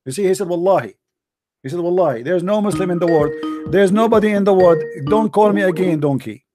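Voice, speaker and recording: Male debate host, hoarse, high pitch, taunting and repetitive. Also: quick pace, music in the background. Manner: mocking, combative, repeats himself. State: losing his voice. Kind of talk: heated call-in debate.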